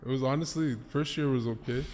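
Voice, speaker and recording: A man's voice: medium pitch, darkish tone. A young man chatting casually as a guest on a podcast, laid-back and joking, laughing often. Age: young adult. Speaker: podcast guest, pro wrestler. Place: podcast studio. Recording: long reverb, faint noise.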